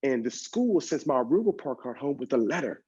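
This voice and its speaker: A man delivers a motivational keynote with animated, conversational storytelling and speaks directly to his listeners. His voice sounds slightly husky at a middling pitch. The recording is dull and lo-fi. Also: normal speed. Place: event stage.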